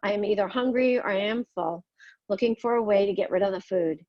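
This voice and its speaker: A woman's voice: medium pitch, brisk, dry recording, muffled recording. Somber woman reading her own memoir. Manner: somber, confessional, blunt with occasional swearing. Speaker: podcast host telling her own story. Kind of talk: personal memoir narration.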